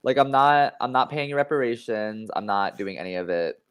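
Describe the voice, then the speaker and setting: A young man talks loosely and crudely into a desk mic in a half-built home studio. He rambles through filler words and swears freely, with a medium-pitched voice. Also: expressive, brisk, clean tone. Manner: brash, profane, rambling with many fillers. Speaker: podcast host. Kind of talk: casual chat, livestream.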